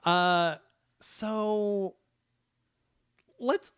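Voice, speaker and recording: A man co-hosting a movie podcast in animated, profane casual chat, laughing often. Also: sits high, very slow, smooth, no echo, clean studio sound. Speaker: podcast co-host.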